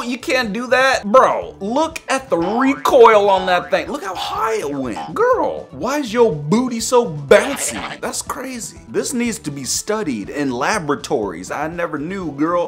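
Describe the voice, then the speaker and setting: A young man, a YouTuber, giving goofy comedic reaction commentary with sudden squeaky outbursts. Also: a bit bright.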